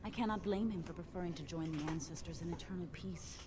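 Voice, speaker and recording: A woman's voice: on the low side, fast talker, noisy background, natural voice. An actress voicing a proud, loyal dwarf noblewoman who speaks in a formal, old-fashioned way. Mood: somber. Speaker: game character. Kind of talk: video game dialogue. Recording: game audio with clear music behind.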